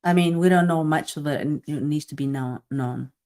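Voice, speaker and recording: A woman's voice: low-pitched, moderate pace, darkish tone. A woman hosting a podcast in casual chat, talking in a reflective, thoughtful way. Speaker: podcast host.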